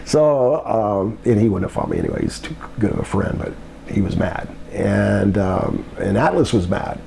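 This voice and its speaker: An older man telling a long anecdote as an interview guest, halting with many ums and restarts, his voice climbing when the story gets exciting. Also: fairly low pitch, gravelly, noisy background. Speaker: guest telling old wrestling stories.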